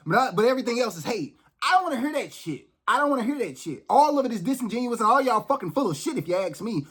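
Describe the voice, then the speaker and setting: Male vlog host, husky and expressive, profane heated rant, lots of restarts. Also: very high-pitched, very fast, hardly any pauses. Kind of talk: unscripted ranting vlog.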